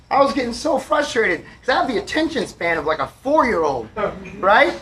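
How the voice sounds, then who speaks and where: A middle-aged man tells a confessional story to a live audience, cursing freely and swinging between loud outbursts and hushed asides. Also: high-pitched, very animated, brisk, slight background noise. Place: live music venue. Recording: echoey live room, from far off.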